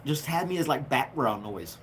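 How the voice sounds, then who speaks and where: A man chats through a casual home livestream, his voice swinging lively up and down as he jokes and laughs at his own gags. He reads out viewer comments in a relaxed, friendly way. A faint hiss of background noise sits under the voice. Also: mid-range voice, moderate pace. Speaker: livestream host. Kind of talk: casual live chat reading comments.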